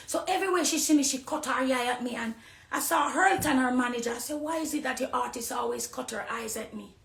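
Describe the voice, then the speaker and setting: A middle-aged Jamaican woman giving an impassioned personal testimony on a live stream, preachy, swinging between hushed confiding and loud accusing. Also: high voice, a little fast, gravelly, echoey room. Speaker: dancehall artist on a live stream.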